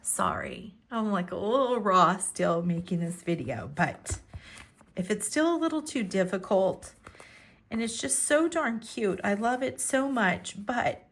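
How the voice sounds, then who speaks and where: Gentle middle-aged woman vlogging. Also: medium pitch, lively intonation, unhurried. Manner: gentle, soft-spoken, rambling with fillers. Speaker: planner and journaling vlogger. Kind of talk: casual chat to viewers.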